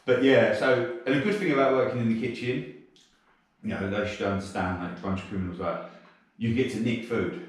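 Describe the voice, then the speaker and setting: A man with a South London accent, telling sweary, animated stories as a podcast guest. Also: lowish voice, a little fast. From South London, England. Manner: sweary, animated anecdote-telling with bursts of laughter. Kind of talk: casual storytelling interview. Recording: very echoey room, mic at a distance.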